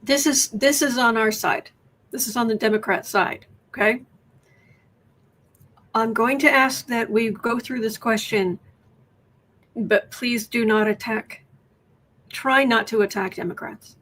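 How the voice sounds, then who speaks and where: A woman's voice: a little high, fairly even intonation, measured pace, pauses often, a bit bright. A woman hosting a casual tarot livestream, chatting and thinking aloud as she reads viewer questions. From United States. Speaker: tarot reader and livestream host. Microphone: webcam.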